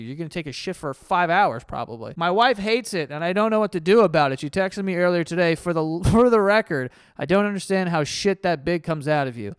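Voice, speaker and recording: A man with a slightly higher voice that sounds smooth and resonant. He reads out strangers' confessions and breaks in with profane, sarcastic disbelief. The sound is dry and close, with no room behind it. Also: expressive, brisk, few pauses, no room sound. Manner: incredulous, profane, sarcastic asides. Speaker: host. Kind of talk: reading internet confessions with comic riffing.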